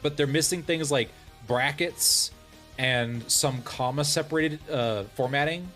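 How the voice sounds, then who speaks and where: A man's voice: on the high side, measured pace, fairly bright tone, soft background music. A man streaming as a VTuber, ranting in casual, profane exasperation and breaking into laughter. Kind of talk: casual livestream rant.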